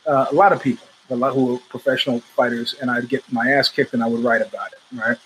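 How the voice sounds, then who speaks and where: A man's voice: mid-range voice, fairly even intonation, fast talker, a bit bright, a little hiss or hum, poor audio. A middle-aged man hosting his own show, telling a long story in a casual, rambling way with restarts and asides. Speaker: show host.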